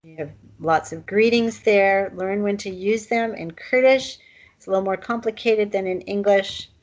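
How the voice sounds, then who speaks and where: A woman's voice: medium pitch, normal speed, highs cut off. A woman teaching a recorded online language lesson in a casual, chatty way, with fillers and asides.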